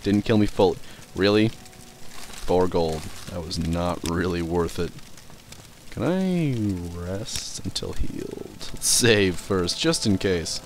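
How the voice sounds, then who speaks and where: A young man casually commentating his own gameplay, rambling, swearing and reacting loudly to what happens in the game. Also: sits low, animated, slow pace, a little hiss or hum. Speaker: let's play host.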